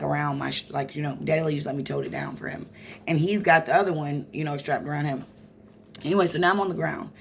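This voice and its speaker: Woman, low pitch; casual vlog storyteller, animated and profane; faint noise behind. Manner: animated, profane, talks straight to viewers as "y'all".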